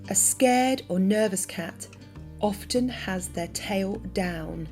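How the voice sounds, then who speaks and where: A woman reading a scripted narration for a pet-care lesson, clear and informative. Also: mid-range voice, slow, darkish tone, soft background music.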